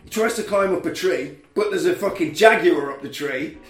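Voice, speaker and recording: Man, podcast co-host, slightly high voice, animated storyteller, casual swearing, echoey room, faint music. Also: moderate pace. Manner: animated, shouts out quoted lines in put-on voices, swears freely. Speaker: podcast co-host recapping a film. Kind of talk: casual comedic chat.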